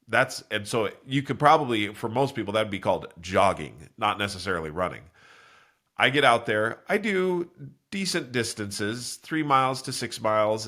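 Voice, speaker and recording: A man hosting a solo podcast, talking earnestly and in a rambling way while congested from a cold, correcting himself and acting out quoted voices. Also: bright, forceful tone. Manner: acts out quoted voices with big pitch jumps. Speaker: podcast host. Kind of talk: solo motivational talk.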